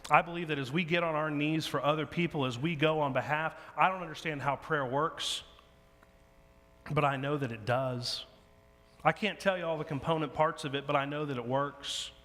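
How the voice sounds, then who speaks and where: A man's voice: a little high, normal speed, a bit bright. A man preaching a sermon, animatedly telling a story and acting out the dialogue of its characters. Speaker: pastor. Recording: long hall reverb.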